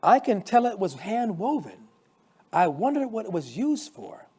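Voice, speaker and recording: Anna, a bright churchgoing wife, as a man puts her on. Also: big pitch swings, unhurried, breathy edge, full character voice. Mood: curious. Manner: exclaiming, higher-pitched put-on voice. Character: cheerful middle-aged wife, warm churchgoer.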